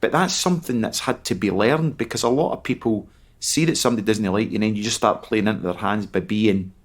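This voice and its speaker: A man's voice: on the low side, quick pace. A Scottish man co-hosting a podcast, explaining his views earnestly in casual chat. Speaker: podcast co-host.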